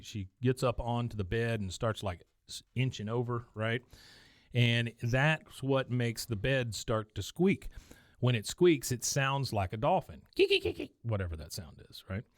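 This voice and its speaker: A man's voice: medium pitch, a little slow, no echo, studio quality. A man co-hosting a podcast, casually recapping an episode scene by scene and briefly lifting his voice for quoted lines. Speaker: podcast co-host.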